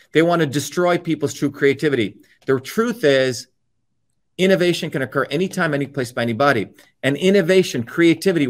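A man from India delivering an impassioned, combative monologue, hammering his points through repetition. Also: on the high side. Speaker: speaker giving a political talk.

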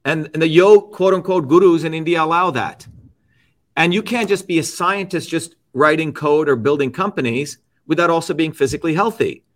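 Middle-aged guy being interviewed, slightly high voice, preachy and emphatic, keeps asking "right?". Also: normal speed. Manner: lecturing, repeats key phrases. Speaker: interview guest. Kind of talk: argumentative interview talk.

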